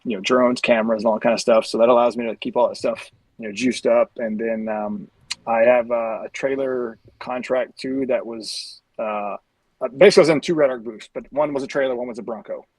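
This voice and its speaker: A man's voice: mid-range voice, steady tone, brisk, no room sound. Rambling man, dry and off-mic. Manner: rambling, many fillers. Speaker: guest, brand ambassador. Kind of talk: casual podcast chat. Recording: dry sound, a bit far from the mic.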